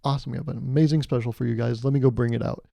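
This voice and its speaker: A man puts on a chipper male waiter with a mock Norwegian accent, upbeat and eager to help. The voice stays gravelly underneath, dry and close. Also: medium pitch, fairly even intonation, rapid-fire, warm tone, dry recording.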